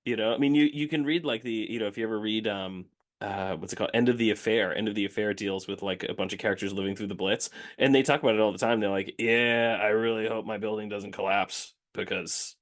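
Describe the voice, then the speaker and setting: A man co-hosting a casual film discussion, talking in an animated way, laughing often and acting out quoted lines. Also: fairly low pitch, fast. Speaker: podcast co-host.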